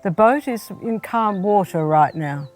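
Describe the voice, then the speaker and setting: A woman, a spiritual director, gently leading a guided prayer meditation and speaking straight to the listener. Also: medium pitch, lively intonation, soft background music. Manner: gentle, unhurried, second-person guidance.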